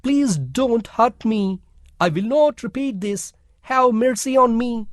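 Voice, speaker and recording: A man voicing a small frightened mouse, pleading in a high voice in a storybook lesson. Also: expressive, slow, no echo, studio quality, heavily acted.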